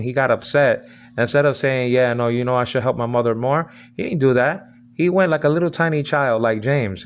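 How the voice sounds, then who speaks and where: An American man in a mid-range voice speaks straight to the camera in an angry, rambling video message. He repeats himself and trips over his words, with slight background noise behind him.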